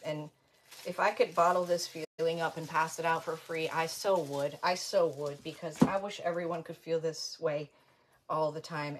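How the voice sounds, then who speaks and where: Lady chatting away on her craft stream, kinda low voice, says hi to everybody. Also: slight background noise. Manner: chatty, rambling, greets viewers by name. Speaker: craft livestream host. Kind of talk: casual crafting livestream chat.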